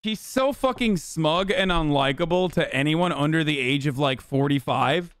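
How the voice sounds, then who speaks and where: Exasperated streamer man, crisp dry voice. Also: a little high, normal speed, fairly bright tone, no echo. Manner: profane, exasperated, riffing on clips. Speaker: streamer host. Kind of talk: casual live-stream commentary.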